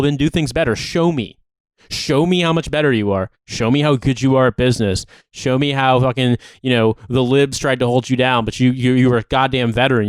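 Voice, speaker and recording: A man's voice: medium pitch, no room sound. A man co-hosting a podcast in casual chat, ranting in a heated, profane way. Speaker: podcast co-host.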